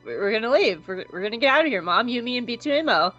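A woman voicing a restless, defensive young man who talks quickly and stammers, on a dull lo-fi recording. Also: on the high side, very animated, fairly bright tone, faint music behind.

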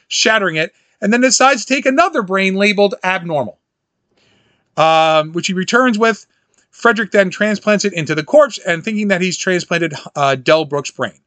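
Brief: animated man hosting a chatty film recap, high bright voice, dry close sound. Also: no echo. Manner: animated, quotes scenes in jumpy high voices, laughs often. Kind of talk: casual film recap chat.

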